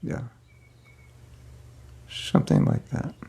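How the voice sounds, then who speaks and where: A man's voice: slow pace, warm tone. An older man giving a spiritual class, telling a personal story in a rambling, conversational way with many fillers. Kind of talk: casual storytelling lecture.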